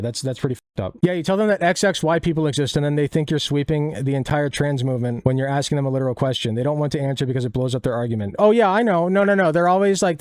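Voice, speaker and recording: A man's voice: on the high side, no echo. A young man streaming casual commentary as he reacts to clips, sarcastic and profane.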